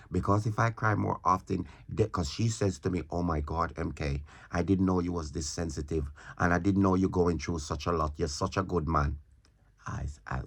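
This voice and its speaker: A man's voice: low-pitched, fairly bright tone. A male comedian telling a rambling comic story in a casual way, repeating himself and stumbling over his words.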